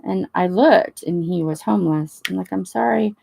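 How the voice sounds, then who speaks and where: Gravelly low-voiced woman telling a story. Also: normal speed, a little hiss or hum. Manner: rambling, animated retelling with quoted dialogue. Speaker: crafting channel host. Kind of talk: casual storytelling chat.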